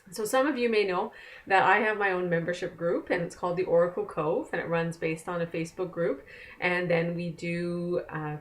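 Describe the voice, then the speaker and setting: A woman oracle card reader, chatting casually and conversationally to the camera from a desk at home. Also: on the low side. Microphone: camera mic.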